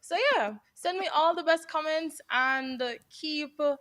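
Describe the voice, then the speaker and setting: A woman's voice: sits high, a little slow, fairly bright tone. A woman presenting the social media segment in playful, cheeky studio banter.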